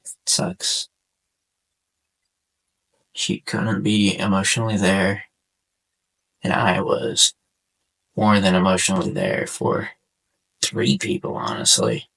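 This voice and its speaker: A young man hosting a casual podcast, speaking in a subdued, halting way with a sore throat, as if on the verge of tears. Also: deep voice, vocal fry, a bit bright, husky, rough recording. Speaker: podcast host. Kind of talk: casual personal monologue over gameplay.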